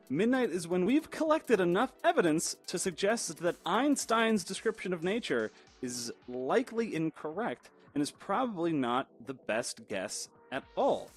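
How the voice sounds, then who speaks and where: A man hosting a video essay, telling a playful, exasperated explainer story. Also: a little high. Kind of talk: animated explainer commentary.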